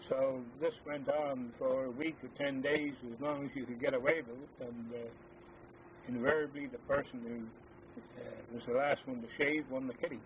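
An older man, an army veteran, recalling his service days in a halting, hesitant way full of fillers. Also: mid-range voice, steady tone. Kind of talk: oral history reminiscence. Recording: tinny phone-like lo-fi with faint hiss.

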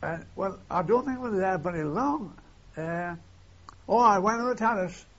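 Gravelly old man recalling wartime. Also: high-pitched, lively intonation, a little slow, fairly bright tone. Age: older. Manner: rambling, tags "see?" and retells dialogue. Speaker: war veteran interviewee. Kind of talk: oral history interview. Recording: dull lo-fi archive tape.

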